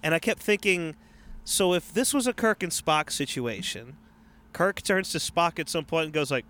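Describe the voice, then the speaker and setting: A man's voice: fairly high pitch, animated, moderate pace, a bit bright. A man co-hosting a casual podcast, chatty and jokey, repeating words as he gathers his thoughts. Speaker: podcast co-host. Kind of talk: casual chat.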